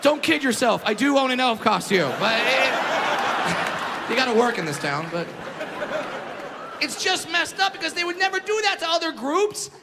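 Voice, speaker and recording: High-voiced, ranting male stand-up comic. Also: big pitch swings, normal speed, pauses often. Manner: loud, ranting, often shouting. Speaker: stand-up comedian. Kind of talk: stand-up comedy routine. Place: live comedy venue. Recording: echoey hall with crowd noise.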